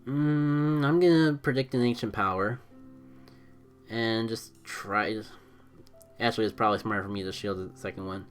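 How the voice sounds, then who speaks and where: A man streaming a mobile game, giving live commentary as he thinks out loud about his moves and is quick to blame himself. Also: fairly low pitch, soft background music. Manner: excitable, thinks aloud, self-critical.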